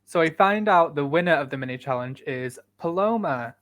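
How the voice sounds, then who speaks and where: A British man co-hosts a podcast in relaxed, chatty talk. He drops dry, sarcastic asides. His voice sits a little high for a man. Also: moderate pace. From United Kingdom. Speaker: podcast co-host. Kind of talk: casual chat.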